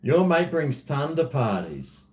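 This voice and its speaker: An Australian man talks to his camera in an easy, unhurried drawl, taking his time over every thought. He rambles from one aside to the next and pokes fun at himself along the way. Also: a little high, very animated, a little mellow. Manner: rambling, self-mocking, drifts between asides. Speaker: vlogger. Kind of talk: casual chat to camera.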